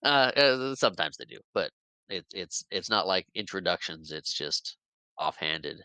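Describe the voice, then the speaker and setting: A man with a lowish, smooth and resonant voice is recapping a film for his podcast. He tells it casually and lively, slipping into the characters' lines and laughing along. The sound is dry and close, with no room around it. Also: measured pace, no echo, poor audio. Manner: animated retelling, acting out characters' lines with laughs. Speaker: podcast host. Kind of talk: casual movie recap chat.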